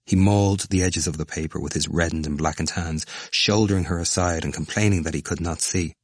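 Brief: male audiobook narrator, very low voice, measured and even, dry close recording. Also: dry recording.

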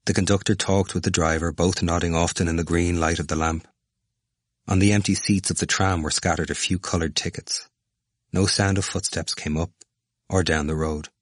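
A man narrating a novel aloud in a measured, even reading. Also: low-pitched, no echo.

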